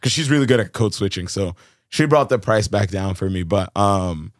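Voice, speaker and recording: A man's voice: lowish voice, moderate pace, dry recording, clean studio sound. A young man from Kenya hosting a casual podcast chat, reflective and hesitant, full of fillers and restarts, laughing easily. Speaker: podcast host.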